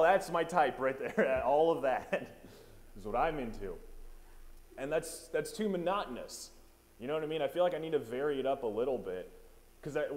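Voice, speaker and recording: A man's voice: mid-range voice, darkish tone. A young man doing a stand-up set at an open mic, rambling and self-deprecating, with lots of filler asides. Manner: rambling, self-deprecating, lots of "you know what I mean". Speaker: stand-up comedian. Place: small open mic venue.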